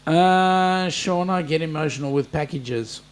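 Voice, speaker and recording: A man's voice: fairly high pitch, a little slow. An Australian man hosting a casual live-stream chat, reading out viewers' comments and answering them with plenty of ums and a friendly matey manner. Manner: chatty, addresses viewers by name, many ums.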